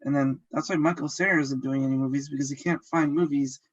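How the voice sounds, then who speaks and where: A man with a slightly high voice, arguing his views on a movie podcast. His mic sounds dull and lo-fi, and he swears without a second thought. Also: fairly even intonation, fast talker. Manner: opinionated, swears freely. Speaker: podcast co-host. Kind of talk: casual movie chat.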